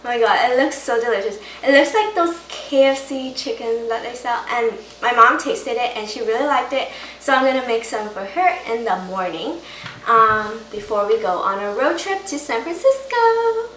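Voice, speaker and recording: A woman's voice: a little high, animated, normal speed, a bit bright, echoey room, far from the mic, a little hiss or hum, low-quality recording. A woman chatting casually in a home cooking vlog, enthusiastic as she cooks and tastes her food. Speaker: home cook vlogger. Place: home kitchen.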